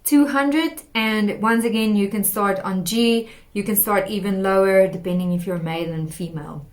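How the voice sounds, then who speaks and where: A woman teaching a singing lesson, explaining patiently and demonstrating sung warm-up exercises. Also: mid-range voice, moderate pace, soft background music. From South Africa. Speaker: vocal coach.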